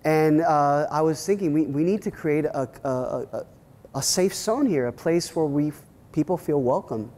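A man, a pastor, giving a workshop talk, telling personal stories in an animated way with many restarts and repeated words. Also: a little high, a little slow, in a large hall. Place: church hall at a leadership weekend.

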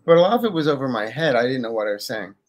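A man's voice: medium pitch, racing. A man who works as a psychic advisor, speaking as a guest in a casual, conversational interview. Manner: animated and conversational.

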